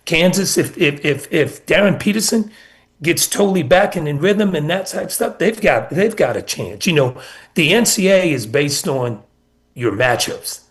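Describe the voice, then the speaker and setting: A middle-aged man speaks as a former basketball coach, earnestly recounting stories from past seasons. He repeats his key points for emphasis and builds his answers in steady runs. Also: a little high, moderate pace. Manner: earnest storytelling with emphatic repetition. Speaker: former college basketball assistant coach, guest. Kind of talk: sports radio interview.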